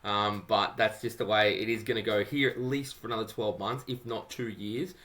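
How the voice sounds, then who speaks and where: A man's voice: fairly low pitch, steady tone, normal speed, fairly bright tone. An Australian man hosting a podcast in a casual, upbeat, chatty way, often calling his co-host "mate". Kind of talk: casual chat.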